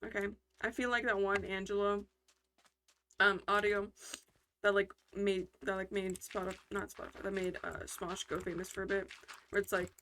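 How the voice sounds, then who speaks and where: Gaming host, woman, bright voice, rambling heated commentary, faint keyboard clicks behind. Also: medium pitch, brisk, slight background noise. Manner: rambling, heated ranting with many fillers and restarts. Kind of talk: casual gameplay commentary.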